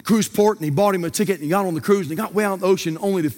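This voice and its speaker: A man preaching a sermon as pastor of a church, telling a story dramatically, swinging from hushed tones to shouting, then praying aloud softly. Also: racing. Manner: prays aloud in a soft, low voice. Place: church service.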